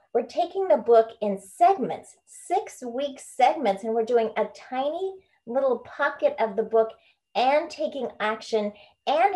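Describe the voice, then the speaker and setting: A chatty woman coach leads a group over a video call, bubbly and quick to laugh. Her voice sits a little high. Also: mellow. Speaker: book club leader and home coach. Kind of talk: casual online group talk.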